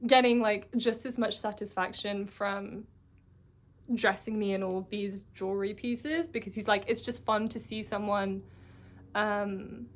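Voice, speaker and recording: A woman's voice: medium pitch, steady tone, a little slow. A woman vlogger telling a personal story in a chatty, casual way, full of fillers. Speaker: coaching vlogger.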